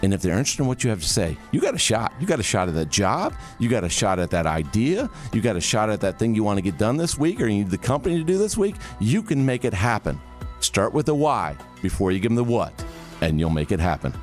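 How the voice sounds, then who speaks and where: Lively motivational storyteller man. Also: on the low side, fast, soft background music. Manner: lively, punchy, coaching delivery. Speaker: communication speaker.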